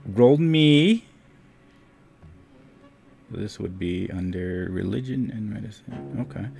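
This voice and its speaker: A man's voice: lowish voice, lively intonation, slow pace, gravelly, music in the background. A man narrating a tabletop game as game master, in a loose, rambling way. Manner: loose, rambling, fillers and restarts.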